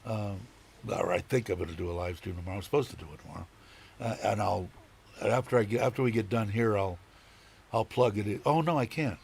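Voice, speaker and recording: A man's voice: fairly low pitch, fairly quick, vocal fry, a little mellow, slightly rough. A man hosting a live stream, chatting casually and rambling, swearing now and then and chuckling often. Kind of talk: casual chat.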